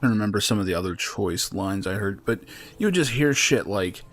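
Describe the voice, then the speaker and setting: Low-voiced, laughing young male gamer. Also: animated, brisk, a little hiss or hum. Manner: rambling, profane, laughs a lot. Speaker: streamer. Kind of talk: casual gameplay commentary. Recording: game music behind the voice.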